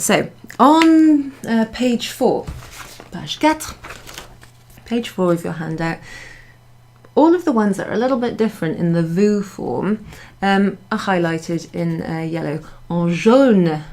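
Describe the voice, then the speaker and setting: A woman's voice: medium pitch, lively intonation, measured pace, a little mellow, a little hiss or hum. A woman teaching a beginners' French class, explaining patiently step by step and repeating her examples. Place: pub function room, classroom class.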